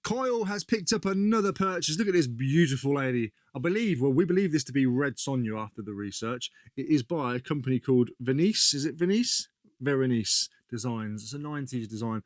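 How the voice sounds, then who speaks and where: British bloke rambling about stuff he sold, mid-pitch voice, dry close sound. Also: expressive, a little fast, no echo. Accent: British English. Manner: chatty, slangy, self-correcting as he goes. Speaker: reseller vlogger. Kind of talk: casual chat.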